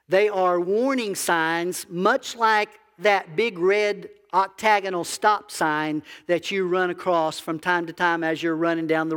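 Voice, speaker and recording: A man's voice: sits high, fairly bright tone, big-room sound. A man, a biblical counselor, preaching a conversational sermon that asks the audience questions. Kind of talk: sermon to a congregation.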